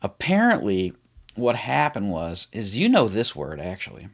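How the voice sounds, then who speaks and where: A man's voice: on the low side, huge pitch swings, moderate pace. A middle-aged man teaching an online Bible study in a chatty way, explaining things as he writes them out on the screen. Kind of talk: casual online Bible lesson.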